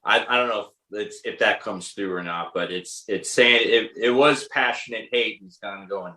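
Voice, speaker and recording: A man, a musician guest in a casual interview, talking in a halting way as he searches for words. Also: on the low side, pushed and bright, echoey room, low-quality recording.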